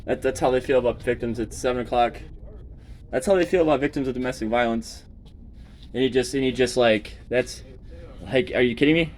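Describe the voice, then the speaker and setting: Halting, upset man outdoors. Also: medium pitch, a little mellow. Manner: halting, repeats himself, grows agitated. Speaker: person seeking shelter. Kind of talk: filmed confrontation and venting. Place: outdoors at a shelter door.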